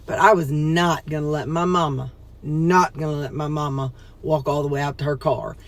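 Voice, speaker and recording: A woman's voice: deep voice, fairly even intonation, moderate pace. A woman, a vlogger rambling in folksy casual chat to her viewers while outdoors. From Missouri, USA. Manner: rambling, folksy, chatty, talks straight to viewers.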